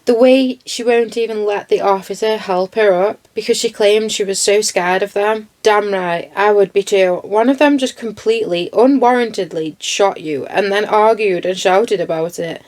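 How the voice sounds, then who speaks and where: A woman's voice: mid-range voice, moderate pace, hardly any pauses, darkish tone. A woman giving blunt, indignant commentary over video footage and swearing freely. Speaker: true crime commentator.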